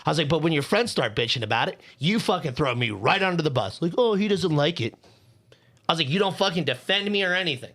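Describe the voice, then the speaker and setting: A man's voice: fairly high pitch, lively intonation, fast talker, few pauses, pushed and bright. A young man co-hosting a podcast, telling a heated, profane story about hating Valentine's Day. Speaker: podcast co-host. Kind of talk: heated casual podcast rant.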